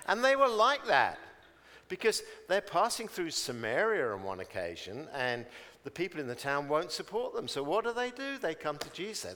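A man's voice: a little high, big pitch swings, moderate pace, bright, forceful tone, big-room sound. A man preaching a chatty sermon, telling stories and acting out their people in voices.

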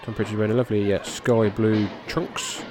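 A man's voice: fairly low pitch, fairly quick, a crowd in the background. A man from the UK hosting a podcast, casually calling play-by-play over old wrestling footage with frequent fillers. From United Kingdom. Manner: relaxed, chatty commentary with fillers. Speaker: podcast host. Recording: noisy background.

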